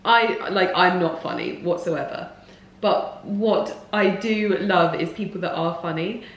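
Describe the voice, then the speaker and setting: A woman's voice: fairly low pitch, a little slow, lo-fi sound. A woman in her thirties chatting casually in a lifestyle vlog from her home kitchen, talking loosely with many fillers and frequent giggles. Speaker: lifestyle vlogger.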